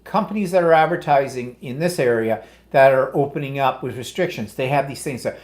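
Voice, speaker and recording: A man's voice: mid-range voice, fairly quick. A man from Canada co-hosting a casual livestream chat, reading viewer comments and ranting bluntly about the news. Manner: blunt, opinionated, animated ranting.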